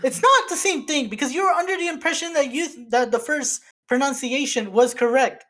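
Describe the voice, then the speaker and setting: A man's voice: very high-pitched, fairly quick, sharp tone. A man co-hosting a casual podcast, defensive and exasperated, swearing freely as he argues his point. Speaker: podcast co-host.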